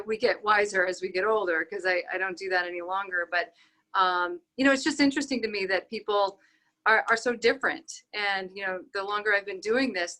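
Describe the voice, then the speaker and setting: A woman co-hosting a podcast, her bright voice reflective as she works through ideas aloud. She speaks at a middling pitch. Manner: reflective, thinks aloud with fillers. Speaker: podcast co-host. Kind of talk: conversational podcast discussion.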